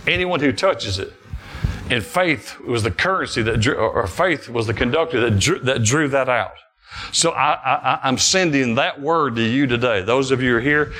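A middle-aged man delivers a sermon at a mid pitch, his tone bright and forceful. He preaches with fervor and drives his points home through repetition, often stumbling and restarting his sentences. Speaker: pastor.

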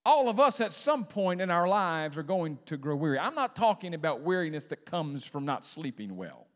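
A male pastor preaching a sermon, rising from calm to loud, drawn-out delivery in a church. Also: fairly high pitch. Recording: long hall reverb.

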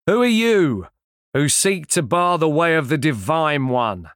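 A man's voice: a little high, unhurried, a bit bright, clean tone, no echo, clean studio sound, voice pushed up. A man voicing a defiant, zealous male pilgrim leader who calls out scornfully in an audiobook. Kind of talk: audiobook character voice.

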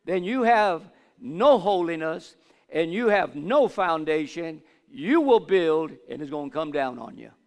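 Fervent high-voiced preacher in a hall. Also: male voice, expressive, a little slow. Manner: repetitive call-and-response, asks for amens; builds to loud fervent declarations. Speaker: pastor. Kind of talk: sermon. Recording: long hall reverb.

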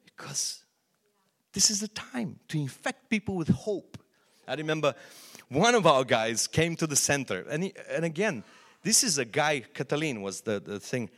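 Animated man preaching a lively sermon. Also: medium pitch, unhurried. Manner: lively storytelling with acted-out quotes. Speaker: pastor.

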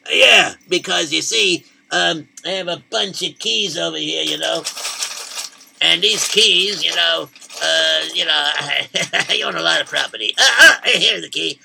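A man's voice: a little high, measured pace, creaky, bright, forceful tone, breathy edge, full character voice. A man voicing a pushy, blustering landlord. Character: pushy middle-aged male landlord.

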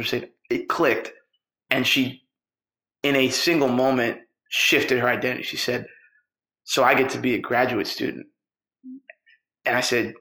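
A man with a slightly gravelly voice recounts a heartfelt personal story. He is earnest and animated and acts out the dialogue. The sound is roomy, with faint music behind him. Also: mid-range voice.

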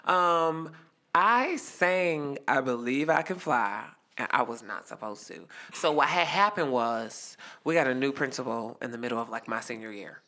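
Bright-voiced young man telling a story. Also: mid-range voice, normal speed. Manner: animated, acts out quotes. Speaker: guest performer. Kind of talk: casual storytelling.

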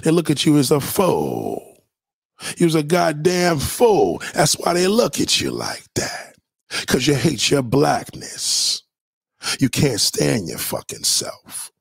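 Gravelly man ranting hard. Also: fairly high pitch, wildly swooping pitch, slow, no echo, studio quality. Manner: profane, confrontational, preachy. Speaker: commentator reacting to a clip. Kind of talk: heated reaction rant.

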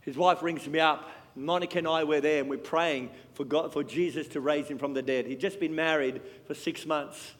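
A man preaching a sermon with passion, swinging between loud and hushed. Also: on the high side, fairly even intonation, normal speed, few pauses. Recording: long hall reverb.

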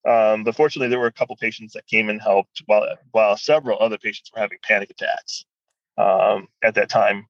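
A man as a guest, telling a personal story in an animated, rambling way. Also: fairly low pitch, fast, no echo, muffled recording.

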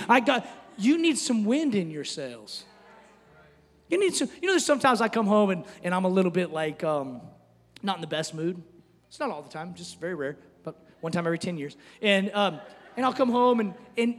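High-voiced preacher booming in a reverberant hall. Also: male voice, moderate pace. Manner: swings from shouting highs to soft low asides; animated, jokey, uses casual filler. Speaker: pastor. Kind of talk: sermon. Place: church hall. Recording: long hall reverb, faint music.

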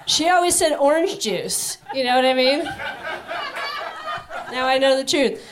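High-pitched rambling woman comic. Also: animated, unhurried, background noise. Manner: rambling, self-deprecating, high-strung. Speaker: stand-up comic. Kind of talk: stand-up comedy set. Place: comedy club stage. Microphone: stage microphone.

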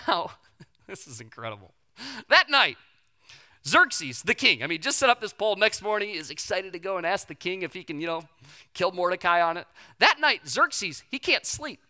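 A preacher retelling a Bible story in a casual, animated sermon with slangy asides. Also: medium pitch, normal speed.

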